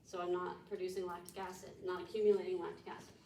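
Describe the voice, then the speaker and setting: With a fairly low, mellow voice, a woman professor talks fast and in a level tone, quizzing her students and explaining step by step. The lecture room recording comes from a distant, echoey room mic and includes background noise.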